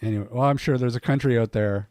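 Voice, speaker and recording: A man from Canada hosts a relaxed podcast chat, often stumbling through restarts and fillers before he lands his point. His voice sits at an ordinary middle pitch, recorded close and dry with no room sound. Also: quick pace, no echo. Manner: hesitant, lots of restarts and fillers. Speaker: podcast host. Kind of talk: casual podcast banter.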